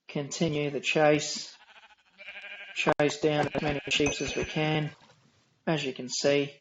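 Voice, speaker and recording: An Australian man with a nasal, droning voice talks through a game at a slow, even pace. His delivery is dry and wry, with little rise and fall in pitch, and his voice sits a touch high. The stream audio sounds dull and lo-fi. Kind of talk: casual gameplay commentary.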